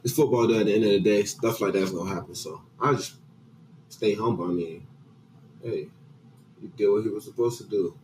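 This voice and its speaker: A man's voice: fairly low pitch, a little fast, long pauses, darkish tone, far from the mic, slight background noise, low-quality recording. A young man, a college football player, speaking in an easygoing, upbeat way in an interview. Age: young adult. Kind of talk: interview remarks.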